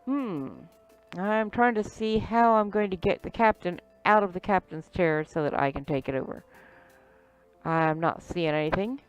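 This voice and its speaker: A woman's voice: fairly low pitch, normal speed, clean tone, lo-fi sound, soft background music. A woman reading an adventure game's text aloud and chatting about it casually, now and then stumbling over names. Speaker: let's play host.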